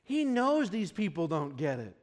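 Man, 30s, pastor, sermon, impassioned, soft to loud, acts out quotes, high voice, long church reverb. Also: big pitch swings, measured pace. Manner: impassioned, swinging between soft pleading and loud exclamation.

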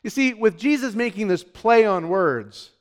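Emphatic higher-voiced male preacher. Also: expressive, unhurried. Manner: emphatic, swings from hushed to loud. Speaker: pastor. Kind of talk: sermon.

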